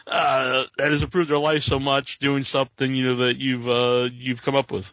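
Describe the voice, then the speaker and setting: A man hosting a podcast interview, asking questions haltingly with many "uh" and "um" pauses. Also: mid-range voice, flat delivery, no room sound. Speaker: podcast host. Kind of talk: casual interview. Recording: dull lo-fi audio.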